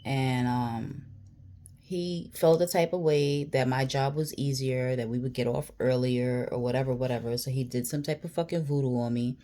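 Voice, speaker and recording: A woman with a low voice tells a personal story in a casual vlog monologue. She is blunt, emphatic and full of swearing. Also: fairly even intonation, normal speed, dark tone. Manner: blunt, heavily profane, emphatic. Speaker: vlogger telling a personal story.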